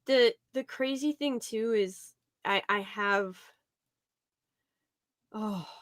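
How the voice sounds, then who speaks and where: A woman tells stories in a loose, rambling way, full of restarts and acted-out quotes. Her voice sits at a middle pitch. The sound is dry and close, like a video call. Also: drawn-out words, no echo. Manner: rambling, many restarts and fillers; quotes others in animated retellings. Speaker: podcast guest. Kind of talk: casual chat.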